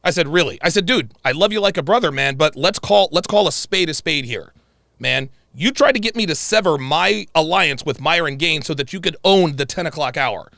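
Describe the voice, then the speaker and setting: A man hosts a livestream in an emphatic storytelling voice and hammers his points home through repetition. His voice sits a little high, with a gravelly edge. The sound is dry and close, with no room echo. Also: fairly quick. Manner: animated, emphatic storytelling with repeated phrases. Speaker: livestream host. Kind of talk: livestream commentary.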